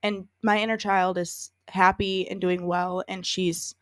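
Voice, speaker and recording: A woman's voice: on the low side, little pitch movement, measured pace, dry recording. A woman in her late twenties, co-hosting a podcast in easygoing, rambling chat and laughing easily. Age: 20s. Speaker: podcast co-host. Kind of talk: casual chat.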